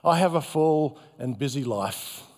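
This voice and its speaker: A preacher voicing a calm, contented fisherman. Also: mid-range voice, a little slow, lightly acted. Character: contented, easygoing male village fisherman. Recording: long hall reverb.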